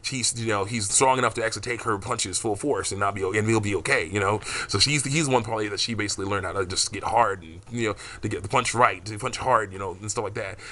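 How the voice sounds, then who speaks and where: A man's voice: on the low side, fast, hardly any pauses, bright, forceful tone. A man rambling casually through his fan story, with many fillers and frequent little laughs.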